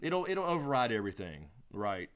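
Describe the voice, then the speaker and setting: A man's voice: medium pitch, big pitch swings, a little fast. A man co-hosting a casual live question-and-answer stream, laid-back, laughing often and swearing freely. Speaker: livestream co-host.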